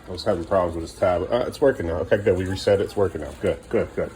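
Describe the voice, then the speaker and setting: A man's voice: deep voice, very fast, a little mellow, a little hiss or hum. A middle-aged man vlogging at home as a father, coaxing and scolding his kids in casual talk.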